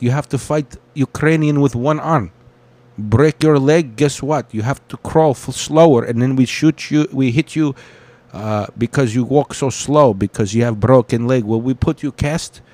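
A man voicing a boastful Russian man in a mock Russian accent, speaking in broken grammar with blunt, dark humor. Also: mid-range voice, no echo, close to an everyday voice.

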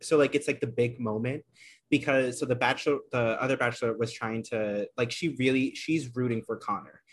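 Man, casual podcast chat, middle pitch, lively storytelling, lots of fillers. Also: brisk. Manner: animated storytelling, many fillers. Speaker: podcast co-host. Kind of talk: casual chat recapping a reality show.

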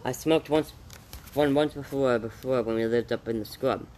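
A man's voice: mid-range voice, moderate pace, darkish tone, slight background noise, close to an everyday voice, low-quality recording. Man reading as Tobias, a kind frontier father. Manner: plain-spoken and welcoming.

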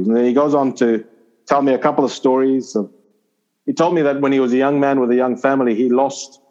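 A former cricketer from Zimbabwe, middle-aged and appearing as an interview guest, tells a personal story conversationally, wandering through it with ums and restarts. His voice sits in an ordinary middle pitch range and is a little mellow, and the audio is slightly dull and lo-fi.

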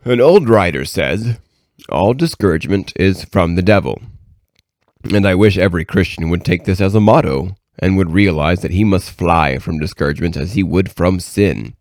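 A man with a very low voice reads a devotional book aloud in a measured, earnest way. The recording is dry and close, with no room sound. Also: gravelly, a little mellow, no echo. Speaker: reader.

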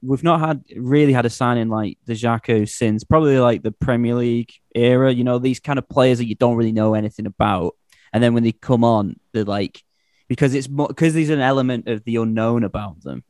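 A man's voice: medium pitch, steady tone, fairly quick, darkish tone, no echo, studio quality. A man hosting a casual football podcast, talking with many fillers and restarts. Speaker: podcast host.

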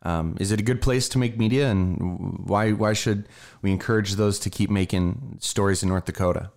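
Low-voiced male panel host. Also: fairly even intonation, moderate pace, vocal fry, a little mellow. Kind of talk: interview questions.

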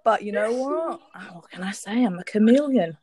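A woman's voice: medium pitch, lively intonation, moderate pace, darkish tone. A young woman from Leicester co-hosting a podcast, teasing her friend in casual, playful chat. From Leicester, England. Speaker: podcast co-host.

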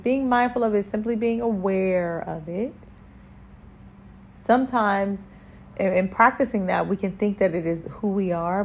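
A woman giving a spiritual encouragement talk, speaking directly to the listener with gentle, repeated reassuring affirmations. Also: mid-range voice, a little hiss or hum. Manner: speaks directly to the listener, asking if they follow.

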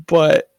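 A man's voice: dry recording, studio quality. A young man co-hosting a podcast, rambling through a school story in casual, profane chat. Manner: profane, rambling, repeats himself. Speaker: podcast co-host.

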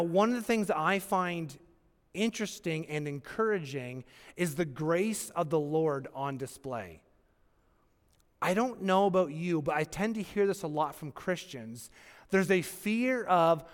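A man preaching a sermon as pastor, with emphatic pauses and acted-out quotes. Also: on the high side. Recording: long hall reverb.

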